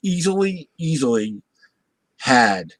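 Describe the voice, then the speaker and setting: The host of a live show tells a story slowly, his mid-range voice dry with no echo but the audio quality poor. He's an animated teller who does impressions of voices, laughs a lot, and cracks himself up with his own jokes.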